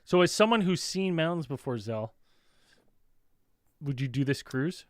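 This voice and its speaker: A man's voice: a little high, lively intonation, a little slow, no echo, clean studio sound. A man co-hosting a podcast in casual chat, telling a loose, rambling story. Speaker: podcast co-host.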